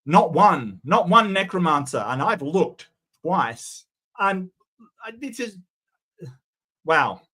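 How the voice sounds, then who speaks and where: A man's voice: on the high side, very animated, slow pace, long pauses, pushed and bright, slightly rough. A man giving sarcastic, mocking reaction commentary, often stumbling and restarting his sentences.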